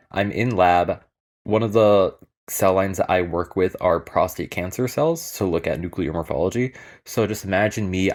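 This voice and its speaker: A young man who works as a lab scientist, giving a casual, comedic talk with candid, wry humor. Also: deep voice.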